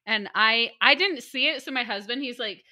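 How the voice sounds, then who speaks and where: A woman hosting a casual podcast interview, chatty and quick to laugh. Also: a little high. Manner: chatty, laughs easily, warm reactions. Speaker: podcast host, teacher.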